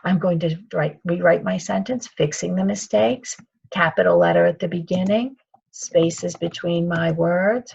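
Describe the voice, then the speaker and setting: A woman kindergarten teacher leads a recorded video lesson, speaking slowly and patiently in a sing-song way. Her voice is husky and gravelly, with a lot of fry. The sound is dull and lo-fi. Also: fairly low pitch, a little mellow. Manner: slow, patient, sing-song teacher talk, calls herself by her surname. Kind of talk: remote video lesson for young children.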